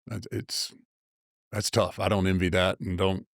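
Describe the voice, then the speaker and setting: A man's voice: low voice, flat delivery, unhurried, gravelly, dry recording, studio quality. A man hosting a podcast in a casual conversation, mostly giving short affirmations and turning reflective when he speaks at length. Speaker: podcast host.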